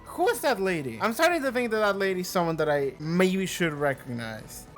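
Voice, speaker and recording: A man's voice: high voice, very animated, brisk, over music. A man hosting a reaction video, talking casually and earnestly, rambling with lots of fillers and the odd swear word.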